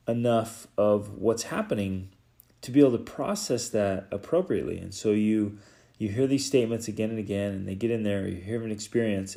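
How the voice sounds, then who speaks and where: A man hosting a podcast as a coach, giving a motivational talk in an animated way, often restarting and repeating words. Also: medium pitch.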